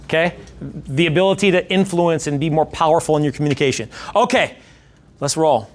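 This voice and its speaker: A man's voice: a little high, fairly quick. A man coaching a sales workshop in a training room, speaking energetically and emphatically and repeating key phrases. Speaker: real estate sales coach.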